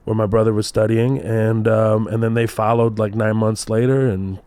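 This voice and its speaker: A man's voice: on the low side, moderate pace, clean tone, no echo. Texan guy in his 30s, comedian on a podcast, laughs a lot, does voices, dry sound no room. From Kuwait. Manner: animated storyteller, laughs often, slips into accents. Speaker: comedian guest. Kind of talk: casual podcast chat.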